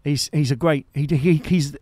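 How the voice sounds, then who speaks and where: A man with a fairly high, slightly mellow voice talks at normal speed in a steady tone, on a dry recording. He's a guitarist hosting a live music stream from home, chatty and jokey with his viewers, teasing them and making fond asides.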